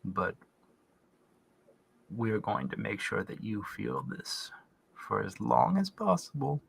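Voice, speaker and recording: A man's voice: lowish voice, sing-song, slow, vocal fry, breathy edge, exaggerated voice. A man voicing cruel, mocking male devils in a tabletop game, with a sneering, gloating delivery. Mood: gloating menace.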